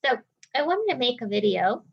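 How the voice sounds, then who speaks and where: A woman's voice: a little high, big pitch swings, moderate pace, vocal fry, breathy edge. A woman healer talking through a personal experience in a reflective vlog, circling her thoughts with many "like" and "you know" asides. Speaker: energy healer. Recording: dull lo-fi sound.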